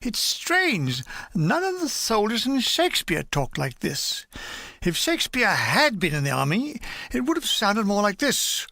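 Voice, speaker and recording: A woman's voice: medium pitch, very animated, a little slow, pushed and bright, no room sound. An older woman reading a comic war memoir aloud, with dry comic timing. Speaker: reader.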